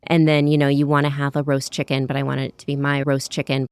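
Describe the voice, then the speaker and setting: A woman's voice: a bass voice, completely flat delivery, fast, clean tone, no echo, clean studio sound. An American woman in her thirties, a cookbook author chatting in an interview, descriptive with many "like" and "you know" asides. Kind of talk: conversational interview.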